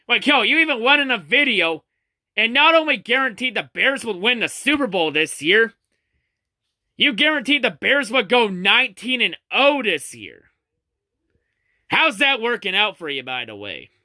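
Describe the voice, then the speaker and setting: A man from the Detroit area taunts a rival in a profane, confrontational diss rant. His voice sits high and cuts with a sharp, piercing brightness. The sound is dry and close, with no room around it. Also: no echo. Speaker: fan channel host. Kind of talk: ranting diss video to camera.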